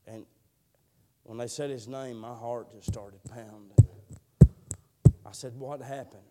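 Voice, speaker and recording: A man preaching a sermon, telling a slow, drawling testimony that builds into fervent prayer. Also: mid-range voice, fairly even intonation, noisy background.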